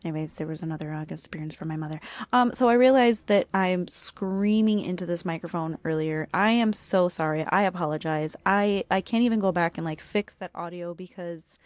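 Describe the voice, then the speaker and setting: A woman's voice: on the low side, brisk, darkish tone, dry recording. A young woman hosting a casual podcast at home, rambling on with lots of fillers and restarts into a small clip-on mic. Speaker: podcast host. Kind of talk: casual solo podcast chat. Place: at home, washer running nearby. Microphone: small clip-on mini microphone.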